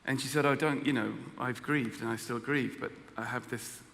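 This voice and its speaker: English man telling his story, bright voice. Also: medium pitch, fairly even intonation, creaky, big-room sound. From England. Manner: storytelling, self-deprecating humor, halting restarts. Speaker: guest speaker. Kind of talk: personal testimony talk.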